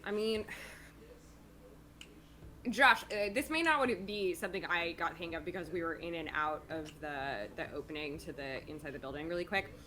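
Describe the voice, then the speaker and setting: Playful female player, bright and lowish, faint music underneath. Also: normal speed, a little hiss or hum. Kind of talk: casual chat at a tabletop game.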